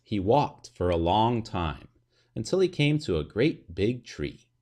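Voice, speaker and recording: A man reading a children's picture book aloud in an expressive, sing-song way. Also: fairly low pitch, unhurried. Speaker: storybook reader.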